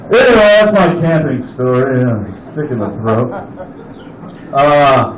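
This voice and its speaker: A man's voice: mid-range voice, animated, unhurried, reverberant, a little hiss or hum, low-quality recording. Profane rambling stand-up comic man. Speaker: stand-up comedian. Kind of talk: open mic stand-up. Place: open mic venue.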